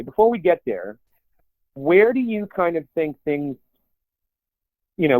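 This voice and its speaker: Heard through a tinny, phone-like recording with no echo, a man of medium pitch co-hosts a podcast. His casual talk wanders, full of false starts and mock-voiced quotations.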